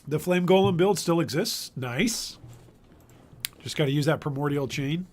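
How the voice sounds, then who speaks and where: His voice is a little high and a little mellow, moving at a normal speed but growing thin as he loses it. The man is a gaming streamer offering casual live commentary as he plays, musing aloud and trailing off.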